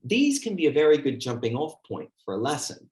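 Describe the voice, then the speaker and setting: A man's voice: mid-range voice, wildly swooping pitch, a little fast, a little mellow. A man giving a teacher training workshop, speaking conversationally and acting out the questions he asks his class. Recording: echoey room.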